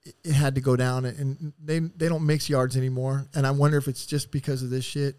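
A man telling rough stories as a podcast guest, casual and full of swearing, rambling and acting out what people said. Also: mid-range voice, little pitch movement, fairly quick, a little mellow, dry recording. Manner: profane, rambling, acts out quotes. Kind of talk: casual storytelling.

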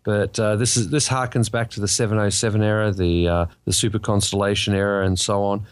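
A man's voice: fairly low pitch, level tone, brisk, clean tone, no echo. A man in his forties from New Zealand, co-hosting a casual aviation podcast with enthusiastic, jokey, slangy chat. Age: 40s. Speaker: podcast co-host.

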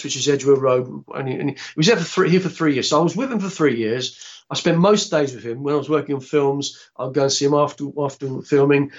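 A man, telling a long anecdote in a rambling, halting way with many restarts. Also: fairly high pitch, lo-fi sound. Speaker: interviewee, film actor. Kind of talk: casual anecdotal storytelling.

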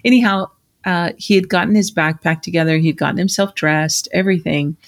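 Gravelly-voiced woman telling a story. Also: on the low side, fairly quick. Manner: animated, acts out quoted voices. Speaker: life coach and podcast host. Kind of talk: conversational storytelling.

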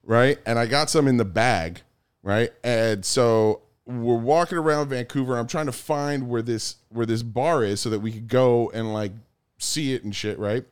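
A man casually telling a story among friends, animated, swearing a lot and acting out the quotes. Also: medium pitch, moderate pace, clear, resonant tone.

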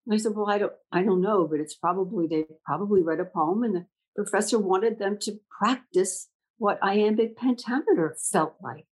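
Husky older woman telling stories. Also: medium pitch, moderate pace, few pauses, rough recording. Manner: animated, acts out dialogue in anecdotes. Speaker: school leader. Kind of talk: reflective storytelling in conversation.

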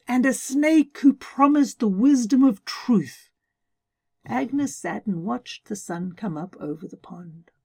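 A woman hosting a family storytelling podcast, narrating and then chatting in a bubbly, upbeat way. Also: mid-range voice.

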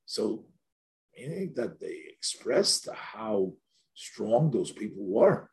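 A Torah teacher leads a text-study lesson in a low, creaky, very animated voice, speaking slowly. He works through questions aloud, his voice rising as he asks them, and slips Yiddish and Hebrew phrases into his speech.

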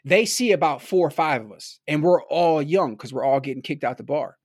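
Man from Milwaukee, loose casual storyteller, leans on "like" and "right?", lightish pitch, dry close mic. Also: a little fast, no echo. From Milwaukee, USA. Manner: rambling, peppered with "like" and "right?". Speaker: podcast guest.

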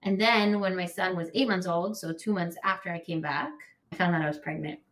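A woman's voice: on the low side, brisk, fairly bright tone. An American woman telling a personal story candidly and emotionally, with many fillers like "like" and sudden raised-voice bursts when she recounts her anger. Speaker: podcast guest.

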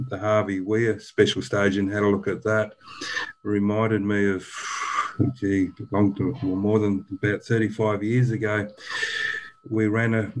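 An older man speaks in a low, even voice with little rise or fall. He talks like a long-time rally organiser in a relaxed interview, circling back and restarting his sentences as he goes. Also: low-quality recording. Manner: rambling, halting, many restarts. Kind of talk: casual interview.

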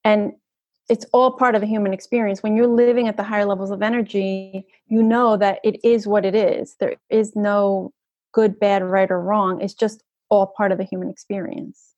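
A woman's voice: mid-range voice, flat delivery, moderate pace, a little mellow, no room sound, dull audio. A woman energy coach talking as a guest in an interview, flowing and earnest, often checking in with "right?". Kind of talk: conversational podcast interview.

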